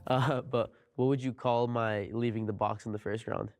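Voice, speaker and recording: A man's voice: medium pitch, little pitch movement, moderate pace, darkish tone, soft background music. An American man, a game show contestant, talking in a wry, joking way. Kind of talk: casual interview answer.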